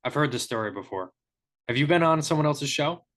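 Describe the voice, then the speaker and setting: Bright-voiced male podcast host. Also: a little high, expressive, a little fast. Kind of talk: casual interview.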